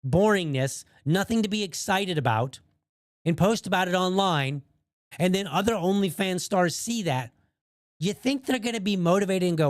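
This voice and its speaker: A man's voice: sits high, moderate pace, no echo, clean studio sound. A man hosting an opinion podcast, talking bluntly and heatedly and swearing freely as he argues his point. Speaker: podcast host.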